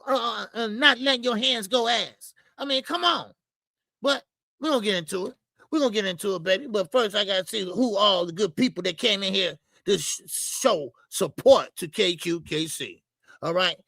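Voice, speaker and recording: A man hosts a boxing live stream, his voice high and bright with a gravelly edge. He talks in a loose, profane, chatty way and greets his viewers one by one. The sound is close and dry, with no room echo. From Chicago. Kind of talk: casual live-stream chat.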